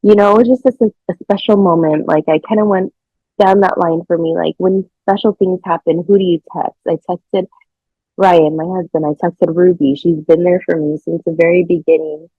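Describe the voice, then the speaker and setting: A woman guest telling a personal story in a casual, excitable way, laughing and swearing freely. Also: fairly low pitch, moderate pace, no room sound, narrow, tinny audio.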